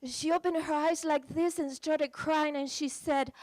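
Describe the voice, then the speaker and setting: A woman's voice: sits high, steady tone, measured pace, darkish tone, dry recording. A woman preaching a sermon, telling a counseling story in an emotive, dramatic way.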